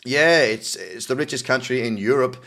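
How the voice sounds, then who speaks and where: A man's voice: medium pitch, moderate pace, vocal fry, pushed and bright. An Australian man hosting a crypto news show, reading articles aloud with cynical, chatty asides. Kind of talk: casual news commentary.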